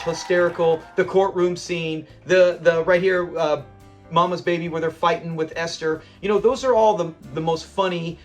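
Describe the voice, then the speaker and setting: A man hosting a classic TV reaction channel, talking in an enthusiastic, rambling and sentimental way. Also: fairly high pitch. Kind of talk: casual commentary.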